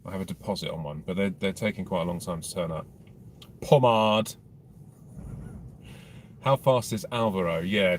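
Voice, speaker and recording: A man's voice: on the low side, slight background noise. Blunt, sweary man chatting. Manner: rambling, blunt and sweary, with dry humour. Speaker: motorcycle vlogger answering viewer questions. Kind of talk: casual live Q&A chat.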